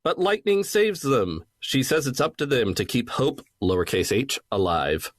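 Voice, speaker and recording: A man co-hosting a game podcast, recapping the story in a dry, wry, low-key way. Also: very animated, moderate pace, no echo. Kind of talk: casual recap chat.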